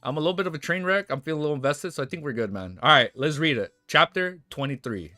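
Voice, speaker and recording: A young man chats casually on a livestream, rambling, swearing a lot, and restarting and correcting himself as faint music plays behind him. His voice sits on the high side, animated, quick, pushed and bright.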